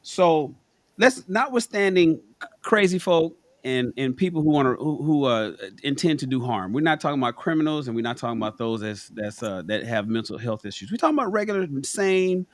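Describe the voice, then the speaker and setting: A man's voice: on the high side, lively intonation, no echo. Dry-sounding man asking probing questions. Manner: probing questions, halting restarts. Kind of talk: casual panel discussion.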